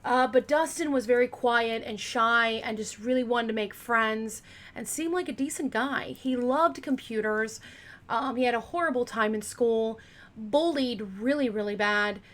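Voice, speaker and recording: Unhurried and fairly high-pitched, with a bit of brightness, a woman tells a case for her true crime channel. Her voice cracks a little as she rambles casually through plenty of fillers and asides.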